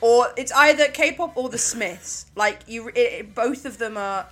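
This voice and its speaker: A woman's voice: on the high side, unhurried, fairly bright tone. A woman co-hosting a podcast in casual chat, blunt, sweary and laughing a lot. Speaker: podcast co-host.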